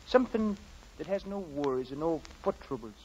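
A man's voice: a little high, lively intonation, fairly quick, darkish tone. An actor playing a jovial Irish policeman turned Irish setter dog, with a thick put-on Irish brogue, in a 1940s radio comedy. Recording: dull lo-fi old radio recording with faint hiss.

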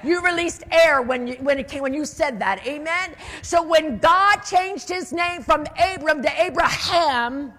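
A woman preaching a sermon, calling out for amens and rising to loud, emphatic declarations. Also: high-pitched, a little slow, hardly any pauses. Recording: long hall reverb.

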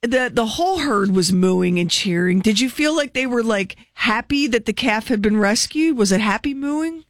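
A woman's voice: on the high side, animated, moderate pace, few pauses, dry recording. A woman co-hosting a radio show, asking the caller questions and teasing her co-host. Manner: inquisitive, teasing banter. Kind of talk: morning radio banter.

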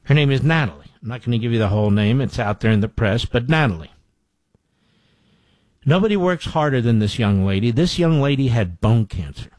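A man's voice: mid-range voice, lively intonation, brisk, a little mellow, no room sound. Indignant male political talk host. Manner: indignant, emphatic, repeats phrases for effect. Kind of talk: opinionated monologue.

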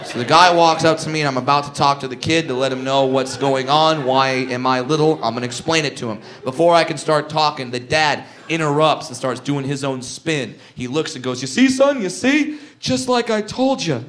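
A man doing an animated stand-up routine on a comedy stage, ranting and often shouting at a live audience. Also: medium pitch, fairly quick, hardly any pauses. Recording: noisy live stage recording.

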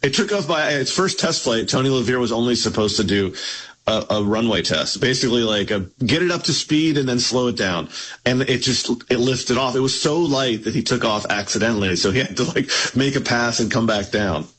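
A man's voice: mid-range voice, animated, brisk, fairly bright tone, low-quality recording. A man, an author guest on a radio interview, explaining things at length with frequent restarts.

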